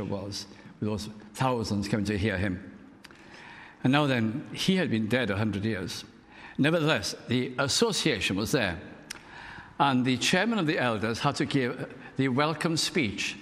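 A man's voice: mid-range voice, a bit bright. Older man, from Wales, preacher, storytelling sermon, fervent emphasis, reverberant hall.

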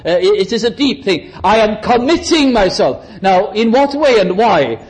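High-voiced preacher with dramatic delivery. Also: male voice, big pitch swings, normal speed, darkish tone, rough recording. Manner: dramatic, varies pitch and pace for emphasis, acts out quotes. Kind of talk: sermon.

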